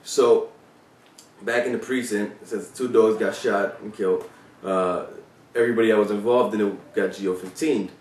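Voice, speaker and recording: A low-pitched man chats casually about his days on the police force, swearing freely and leaning on fillers. His voice sounds set back from the mic. The sound is roomy and echoey. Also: fairly even intonation, normal speed, far from the mic. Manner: loose and profane, with many fillers. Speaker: former police officer telling stories. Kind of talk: casual storytelling vlog.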